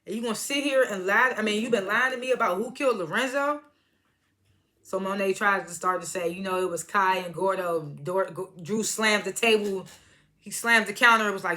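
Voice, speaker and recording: A woman's voice: medium pitch, brisk, bright, forceful tone. A woman giving a casual episode recap, retelling scenes by quoting the characters in slangy talk and laughing often. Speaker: TV episode reviewer.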